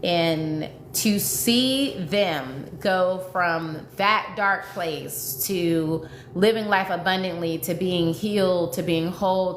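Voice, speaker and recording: A woman's voice: on the low side, fairly bright tone. A woman dating coach talking live with her viewers, emotional and repeating herself as she pleads and reassures. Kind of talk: livestream chat with viewers. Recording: echoey room with faint noise.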